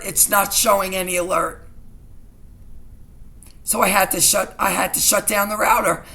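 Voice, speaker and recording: A woman's voice: a little high, pushed and bright. A middle-aged woman vlogging to her viewers in an emotional personal rant, indignant and agitated, often repeating herself.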